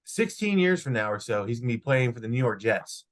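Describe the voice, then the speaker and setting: A man's voice: medium pitch, sing-song, fairly quick. A man co-hosting a sports podcast, chatting casually in a laid-back, teasing way. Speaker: podcast co-host.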